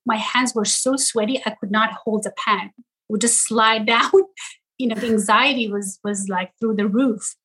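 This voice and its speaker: Woman guest with a Persian accent, husky and bright, lively chat. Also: fairly high pitch, normal speed, low-quality recording. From Iran. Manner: animated, laughs often, searches for words. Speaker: guest, content creator. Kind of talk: casual interview chat.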